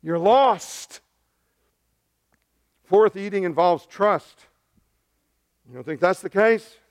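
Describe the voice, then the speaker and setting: A male pastor delivers a sermon to his congregation in a conversational style, dropping into hushed tones before rising loud and emphatic. His voice is high, unhurried, and smooth.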